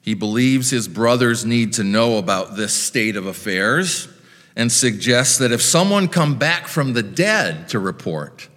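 A male preacher delivers a sermon at an unhurried pace, measured and reflective, with wry asides. His pitch moves freely up and down. The voice carries a long reverb, as if in a church. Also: animated, fairly bright tone.

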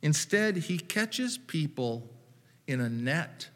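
A man's voice: a little high, sing-song, takes it slowly, a bit bright, big-room sound. A man preaching a sermon as pastor, retelling scripture with wry, dry humor.

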